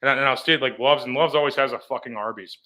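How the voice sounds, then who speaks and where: A man, a touring comedian, chatting casually on a podcast, rambling and swearing through animated stories. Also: mid-range voice, racing, a loud crowd. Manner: rambling, profane, animated storytelling.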